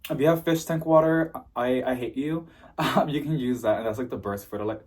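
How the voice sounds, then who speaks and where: A man's voice: mid-range voice, fairly quick, breathy edge. A young man chatting in a casual unboxing vlog, bubbly and gushing. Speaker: plant vlogger.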